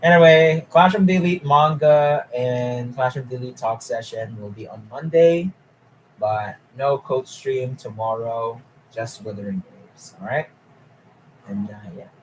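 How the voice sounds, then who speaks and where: A man's voice: medium pitch, measured pace, slight background noise, low-quality recording. A young man talking casually on a live stream, chatty and often laughing as he answers chat.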